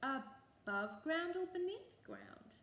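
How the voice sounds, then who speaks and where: A woman voicing a squat, hairy, grumpy male boggart who talks in a gruff, stubborn, blustering way. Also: very high-pitched, big pitch swings, slow pace, fairly bright tone, slight background noise, voice pushed up, full character voice. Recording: echoey room, faint ambience.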